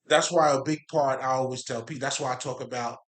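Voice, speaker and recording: A fast-talking spiritual talk host keeps a steady tone at a middle pitch while rambling through spiritual ideas. He veers off course, curses freely, throws in street slang, then laughs and finds his thread again.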